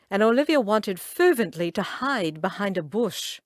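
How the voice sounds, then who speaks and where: A woman narrates a romance audiobook from a script, her delivery dramatic and expressive. Her pitch climbs and dips widely, yet she never hurries. The recording is close and dry.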